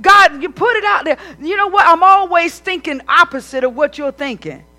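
A woman preaching a sermon, animated and emphatic, with conversational asides to the congregation. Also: very high-pitched, normal speed.

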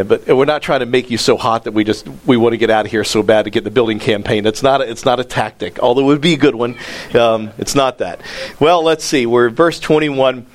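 Man preaching conversationally. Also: mid-range voice. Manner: conversational preaching that rises in emphasis on quoted lines. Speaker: pastor. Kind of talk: sermon.

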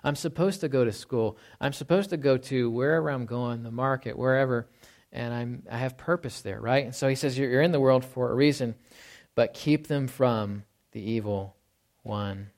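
A man's voice: mid-range voice, a little fast, a little mellow. Casual, conversational male pastor. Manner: conversational, frequent ums and "right?" asides. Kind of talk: casual sermon with object lessons.

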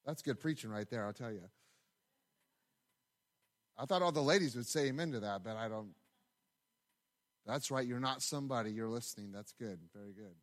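A pastor preaching a sermon in a conversational, storytelling way, with asides to the congregation and frequent repeated words. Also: male voice, mid-range voice, moderate pace, pauses often.

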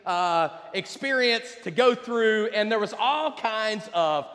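A man delivers a sermon with a noticeably high-pitched voice. He talks in a conversational way and speaks directly to the congregation. His voice rings out with a long reverb, as if in a large hall. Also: lively intonation, takes it slowly, fairly bright tone. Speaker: preacher.

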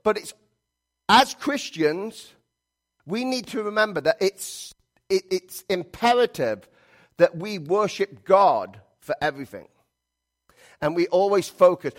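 A middle-aged pastor preaches with a slightly raised voice, hammering points through repetition. He swings from loud, stressed lines to quiet, low asides as he addresses his congregation. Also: lively intonation, takes it slowly, long pauses. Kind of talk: sermon.

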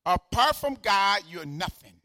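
Older male pastor, fiery repetitive sermon delivery, high bright voice. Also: sing-song, measured pace, no room sound, studio quality, faint music behind. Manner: fervent preaching, swings from shouting to quiet asides; repeats phrases for emphasis.

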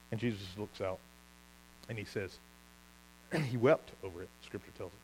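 A man preaching a sermon as pastor, telling stories with lively asides and laughing at his own jokes. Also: fairly low pitch, measured pace, a little hiss or hum, rough recording.

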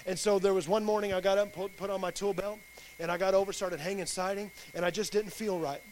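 A man's voice: sits high, steady tone, fast talker. A man delivers a sermon, weaving in his own testimony. His talk is plain-spoken and folksy, with easy colloquial grammar. A faint hum sits behind him. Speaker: pastor.

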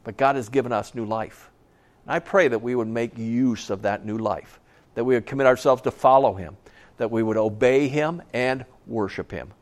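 Middle-aged male pastor, emphatic sermon delivery, repeats key lines, mid-pitched voice, folksy asides. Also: normal speed. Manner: conversational storytelling asides.

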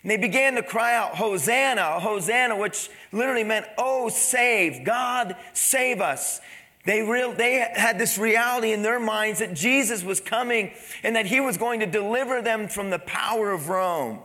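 Bright high-voiced preaching man. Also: moderate pace, big-room sound. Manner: dramatic preaching, acting out crowd voices. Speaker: pastor. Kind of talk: sermon.

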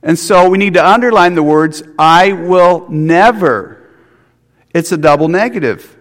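A man's voice: fairly high pitch, a little fast. Earnest male preacher in a reverberant hall. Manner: earnest preaching with restarts and rhetorical questions. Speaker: pastor. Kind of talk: sermon.

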